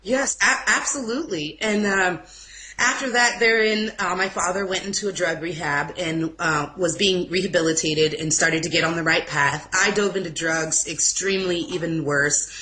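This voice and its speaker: A young woman giving an emotional personal testimony in an informal interview, speaking haltingly with restarts. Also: on the low side, sharp tone, a little hiss or hum, poor audio. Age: young adult. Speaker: interview guest.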